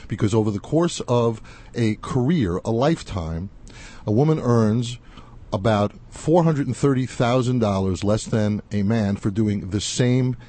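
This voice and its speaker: A man's voice: on the low side, mellow. A male talk show host delivering passionate, emphatic commentary. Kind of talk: opinionated commentary.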